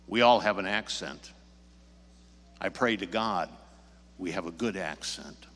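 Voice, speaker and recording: A man's voice: low-pitched, unhurried, pauses often, a bit bright, in a large hall. A man from the Chicago area preaching a sermon, telling stories and pressing the congregation with emphatic questions. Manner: storytelling, rising emphatic questions. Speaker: pastor. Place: church sanctuary.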